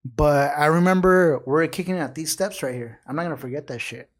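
A man's voice: fairly high pitch, fairly quick. A man in his late twenties hosting a podcast, telling a story in casual street slang with lots of swearing. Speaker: podcast host.

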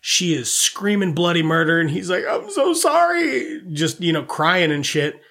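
A man's voice: on the high side, fairly even intonation, normal speed, pushed and bright. A man and a self-described dad, co-hosting a podcast and rambling through a movie plot with lots of swearing and laughter. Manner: profane, rambling, laughs often. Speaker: podcast co-host. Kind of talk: casual movie review chat.

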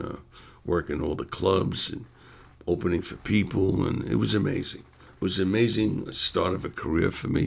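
Gravelly deep-voiced older New York man. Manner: animated storyteller, acts out quotes, laughs often. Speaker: comedian telling career stories. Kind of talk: casual storytelling monologue.

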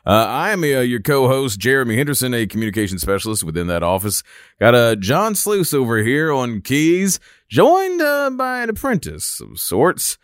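A man's voice: medium pitch, huge pitch swings, moderate pace, dry recording, clean studio sound. A man co-hosting a podcast in a casual, teasing way, joking and rambling with frequent restarts. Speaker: podcast co-host.

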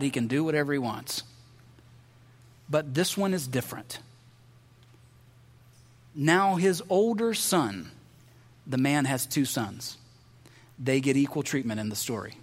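A man preaches with a high, bright, ringing voice, switching between a hushed teaching tone and lively acted-out character voices. The sermon is recorded in a church sanctuary, and a long reverb trails after his words. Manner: animated, acts out the characters' voices. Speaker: pastor.

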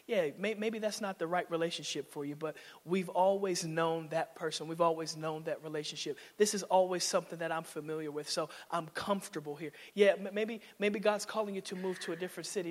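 A man preaching a sermon in a church, playful and conversational, rising to loud emphatic preaching. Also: on the high side, fairly quick, long reverb tail. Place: church sanctuary.

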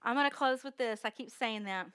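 A woman preaching a sermon with energetic call-and-response exhortation. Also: a little high, a little fast, background noise.

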